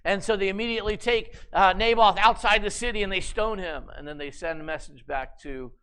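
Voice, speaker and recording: A male pastor preaching a sermon, telling a story in an animated, conversational way with humorous asides. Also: high-pitched, fairly quick, clear, resonant tone.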